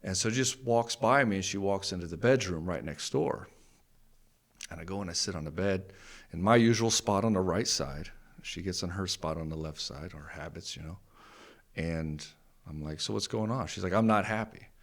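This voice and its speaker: A man's voice: low voice, moderate pace. Blunt, profane man telling his story. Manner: blunt, profane, animated when retelling anger. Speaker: podcast guest. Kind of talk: candid storytelling interview.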